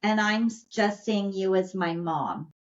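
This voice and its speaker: A woman voicing a sweet, sensitive young male dog, speaking in a gentle, earnest, halting way. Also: medium pitch, close to an everyday voice. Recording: slightly dull lo-fi audio.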